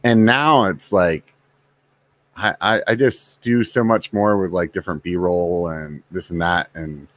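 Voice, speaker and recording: A man's voice: deep voice, measured pace. A man hosting a podcast, chatting in an easygoing, agreeable way. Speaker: podcast host. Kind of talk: casual podcast chat.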